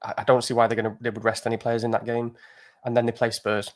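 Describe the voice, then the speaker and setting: A man co-hosting a podcast in casual chat, relaxed, slangy and jokey. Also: mid-range voice, fast talker. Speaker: podcast co-host.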